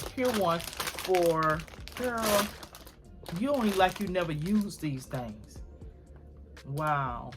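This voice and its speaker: Chatty woman doing a home decor haul. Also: low voice. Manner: chatty, effusive, talks straight to viewers. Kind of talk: casual haul chat to camera.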